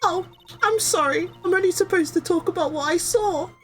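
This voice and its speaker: A woman voicing a timid young female witness in a game, reading her lines in a halting, shaken way. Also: very high-pitched, soft background music, pitched above the performer's own voice. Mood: earnest.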